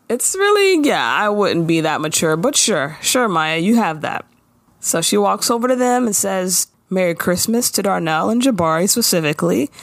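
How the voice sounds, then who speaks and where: A woman's voice: mid-range voice, creaky, no echo. A woman retells a TV episode in loose, profane chat, and her voice swings widely up and down as she tells it. The recording is close and dry, with no room sound. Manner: blunt, profane, animated storytelling. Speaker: podcast co-host recapping a TV episode. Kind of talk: casual chat.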